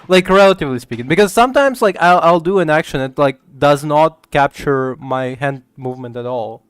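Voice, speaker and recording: A man's voice: fairly high pitch, a little fast, clear, resonant tone, dry recording, clean studio sound. A young man from Ukraine streaming a game, chatting casually in a rambling way, stammering, and swearing freely. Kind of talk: casual gaming chat.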